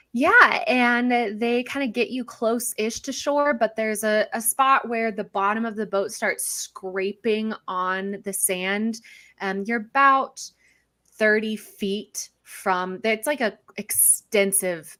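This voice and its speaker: A woman's voice: medium pitch, steady tone, slow, pushed and bright. A woman narrating as game master, chatty and prone to correcting herself mid-sentence. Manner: chatty, self-correcting, giggly asides.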